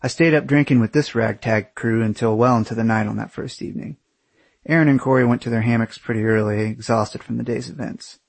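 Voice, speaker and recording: A husky-voiced man tells a personal travel story in first person, with a wry, sardonic edge. His pitch sits in an ordinary middle range, and the recording is dry and close, with no room sound. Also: dry recording. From United States. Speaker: memoir narrator.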